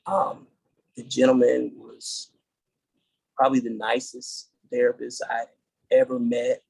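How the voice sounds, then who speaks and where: A middle-aged man from the United States, a podcast guest, telling his story in an earnest, halting way and restarting dates as he goes. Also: mid-range voice, monotone, vocal fry, darkish tone, slightly rough, poor audio. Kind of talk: casual interview storytelling.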